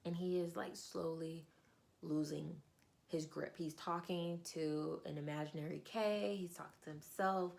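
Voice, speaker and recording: Animated woman recapping a novel. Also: low-pitched, measured pace, vocal fry. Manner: animated, acting out characters. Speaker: book reviewer. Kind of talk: casual book recap.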